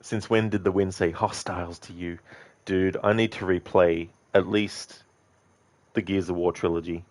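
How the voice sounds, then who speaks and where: A man's voice: deep voice, steady tone, normal speed, dry recording. A man streaming a game, rambling casually to his viewers, answering them and swearing freely. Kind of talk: casual live-stream chat.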